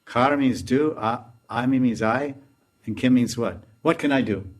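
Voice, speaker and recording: A man giving a storytelling sermon as a spiritual teacher, animated and laughing as he tells it. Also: mid-range voice, moderate pace. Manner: animated, laughs while telling.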